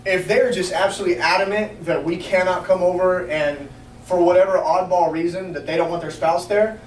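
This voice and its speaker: A man giving an energetic sales training talk to a small group, checking in often with his listeners. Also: sits high. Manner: energetic, fast, coaching with repeated check-ins. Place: restaurant meeting room. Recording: roomy, distant, faint noise.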